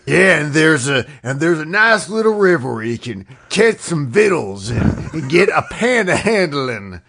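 A man's voice: a little high, sing-song, measured pace, gravelly, pushed and bright, heavily acted. A man voicing a laid-back cowboy in improvised comedy, with an easygoing drawl and folksy phrases. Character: laid-back adult male cowboy, a rambling storyteller. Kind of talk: improvised comedy role-play.

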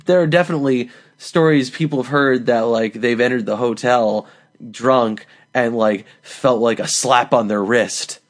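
A man's voice: medium pitch, measured pace. A man co-hosting a comedy podcast, improvising a story in a rambling way with many fillers. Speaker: podcast co-host.

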